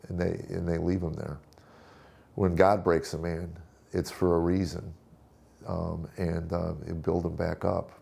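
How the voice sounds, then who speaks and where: A middle-aged man telling his personal story in a conversation as a guest, halting and reflective, often repeating words as he goes. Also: low-pitched, level tone, creaky, warm tone.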